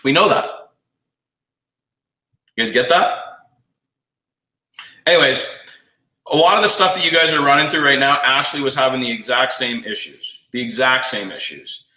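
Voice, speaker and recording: A man's voice: mid-range voice, pushed and bright. Blunt, profane male sales coach. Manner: blunt, profane, fast-talking pep talk. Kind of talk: livestream coaching talk. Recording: roomy echo.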